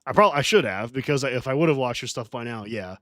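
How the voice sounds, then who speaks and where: A man of middle pitch chats loosely with his livestream viewers, circling back on his points and defending himself with frequent swearing. His voice sits close to the mic and sounds dry, with no room echo, as if recorded at a desk at home. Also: animated, quick pace, a bit bright. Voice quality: rambling, defensive, swears often. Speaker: livestream host. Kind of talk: casual livestream chat.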